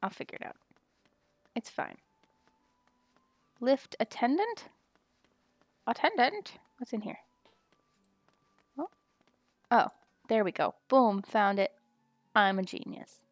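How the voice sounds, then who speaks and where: High-voiced woman streamer, unhurried. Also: dry recording. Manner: muttering to herself, then squealing with excitement. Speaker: game streamer. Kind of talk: casual gaming stream chatter.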